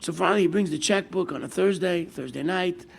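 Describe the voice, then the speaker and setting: The voice is high-pitched and brisk with vocal fry, and there's slight background noise. An older American rabbi teaching Torah, he tells stories and plays out their characters through animated quotes, blending Hebrew and Yiddish words.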